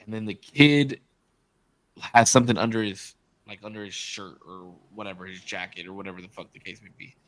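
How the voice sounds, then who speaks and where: A man's voice: lowish voice, steady tone, a little fast, fairly bright tone, poor audio. A man co-hosting a podcast, retelling a story emphatically and swearing often in casual chat. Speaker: podcast co-host.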